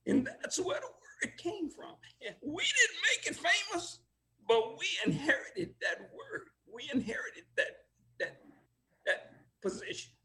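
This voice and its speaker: A man's voice: extremely high pitch, very animated, measured pace, bright, forceful tone. An older man telling oral history as an interview guest, emotional and often laughing as he speaks.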